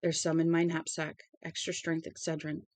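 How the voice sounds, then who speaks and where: A woman's voice: sits low, little pitch movement, moderate pace, a little mellow. A woman reading a nervous young man. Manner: blurting, eager.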